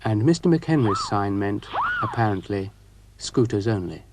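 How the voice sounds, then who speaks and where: A man narrating a children's storybook show in an unhurried, gently droll way. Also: on the low side, animated, background noise.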